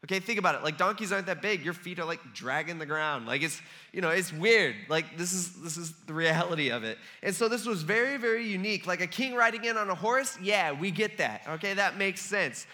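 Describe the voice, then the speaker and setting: A man with a fairly high, bright and forceful voice gives a relaxed, chatty sermon. He talks to the room as if to friends and slips into the voices of the people he quotes. His delivery is loose and animated. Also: a little fast, few pauses. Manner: conversational, acts out quoted voices. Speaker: preacher. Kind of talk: casual sermon.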